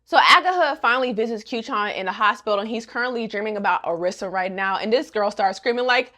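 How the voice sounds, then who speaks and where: A woman's voice: mid-range voice, brisk, hardly any pauses, sharp tone. A young woman recapping a manga in casual, sassy commentary with joking asides.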